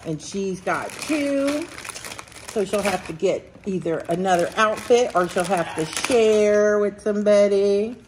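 A woman vlogging in a casual, playful way, her voice swinging freely up and down as she chats and coos to her dogs. She talks at an unhurried pace with a faint hiss of noise behind her. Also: mid-range voice, expressive, darkish tone. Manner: playful, sing-song, chatting to her dogs. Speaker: vlog host. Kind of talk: casual unboxing vlog.

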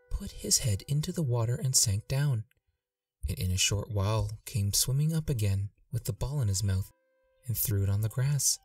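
Casting: man telling a storybook fairy tale, mid-pitched, mic a bit distant, soft music under. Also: expressive, normal speed, no echo. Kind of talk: scripted fairy tale narration.

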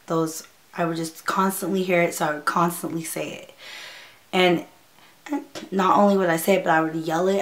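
Young woman vlogger, slightly low voice, slow unhurried delivery, rambling storytime with lots of fillers. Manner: rambling, many fillers, laughs nervously. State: near tears at times. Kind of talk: casual storytime.

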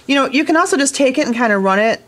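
A woman's voice: sits high, animated, rapid-fire, a bit bright. Chatty woman teaching a craft. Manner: chatty, enthusiastic, addresses viewers directly. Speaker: glass fusing instructor. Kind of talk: casual hands-on tutorial. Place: glass art studio workshop.

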